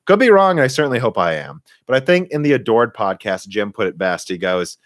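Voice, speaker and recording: A man's voice: on the low side, big pitch swings, dry recording, clean studio sound. A young man with a Midwestern American accent from Minnesota, casually answering viewer questions on a live stream in an opinionated, bursty way. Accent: Midwestern American, Minnesota, Michigan and central Illinois. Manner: opinionated, talks in quick bursts with restarts and laughs. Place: home room.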